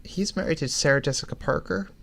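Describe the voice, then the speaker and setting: A man's voice: on the high side, quick pace, creaky, a bit bright. A man co-hosting a podcast, chatting casually about a TV episode with dry, jokey asides. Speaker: podcast co-host. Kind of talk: casual chat recapping a TV episode.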